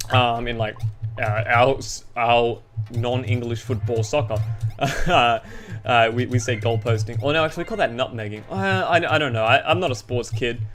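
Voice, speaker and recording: A man's voice: mid-range voice, fairly bright tone. A young Australian man giving rambling, goofy and self-deprecating gameplay commentary over faint game music. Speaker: gaming YouTuber.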